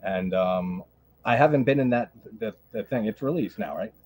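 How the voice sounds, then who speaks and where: A man's voice: lowish voice, normal speed, a little mellow, slightly rough. A man co-hosting a casual movie chat stream, laid-back and filler-heavy, laughing often. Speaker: podcast co-host.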